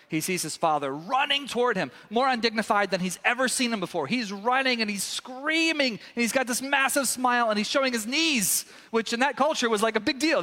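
A man preaching a sermon as a pastor, an animated storyteller who acts out the characters with sudden loud bursts. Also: high voice. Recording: echoey hall with long reverb.

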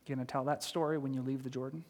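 A man's voice: medium pitch, flat delivery, very fast, a little mellow, long reverb tail. A man preaching a sermon as pastor, telling the story with laughs, asides and acted quotes.

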